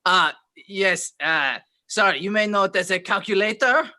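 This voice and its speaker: A snide, insulting shop clerk behind a returns counter, played by a man. His voice is high and very bright and sharp. He delivers sarcastic jabs in an improvised comedy scene over a video call. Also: moderate pace.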